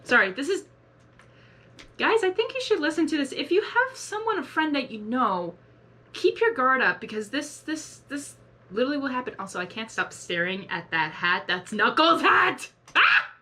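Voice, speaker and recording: Excitable woman with a lively, bright voice. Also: high-pitched, moderate pace. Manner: excitable, rambling, many restarts and exclamations. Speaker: reaction video host. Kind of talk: casual live reaction commentary.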